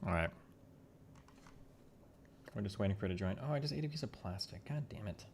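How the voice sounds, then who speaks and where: A man's voice: lowish voice, expressive, a little fast, gravelly, a little hiss or hum. A man bantering on a live stream, teasing his friend. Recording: keyboard typing behind.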